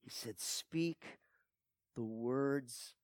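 A man performing a dramatic first-person monologue, swinging between hushed whispers and anguished cries. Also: medium pitch, very slow, no echo, studio quality. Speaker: storyteller.

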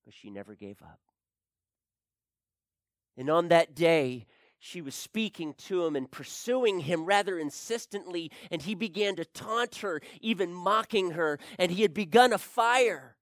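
Slow, dramatic man telling a sorrowful tale. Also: high voice, animated, no room sound, clean studio sound. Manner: swings between hushed whispers and anguished cries. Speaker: storyteller. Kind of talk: dramatic first-person monologue.

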